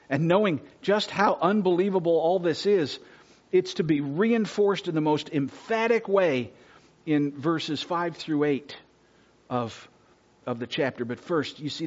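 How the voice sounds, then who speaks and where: A man preaching a sermon with a voice pitched a little high. His delivery is earnest, dipping into hushed near-whispers before swelling on emphasis. The sound is dull and lo-fi, like a plain church recording. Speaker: pastor. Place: church sanctuary.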